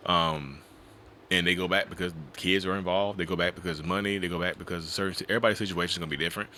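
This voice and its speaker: A man working as a relationship coach, telling stories in a casual interview in an animated, colloquial way. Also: deep voice, rapid-fire, slight background noise. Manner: animated storyteller who acts out quoted voices; colloquial, repeats 'you know'.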